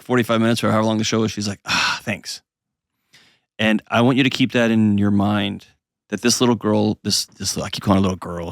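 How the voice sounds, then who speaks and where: Advice-show host, male, low and dry, sincere and reassuring. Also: a bit bright, no room sound.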